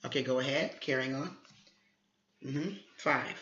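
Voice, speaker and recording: A homeschooling parent coaching a young child through word problems, with quick praise and repeated phrases. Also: medium pitch, background noise. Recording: echoey room, slightly dull sound.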